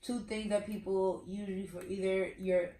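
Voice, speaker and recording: A woman in a casual chat, chiming in with quick comments and reflections. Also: medium pitch, level tone, mellow, distant mic. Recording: echoey room with faint background noise.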